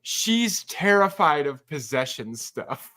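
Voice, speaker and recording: Higher-pitched man chatting loosely. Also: big pitch swings, takes it slowly, pushed and bright. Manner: laid-back storytelling, swearing. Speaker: podcast co-host. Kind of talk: casual chat.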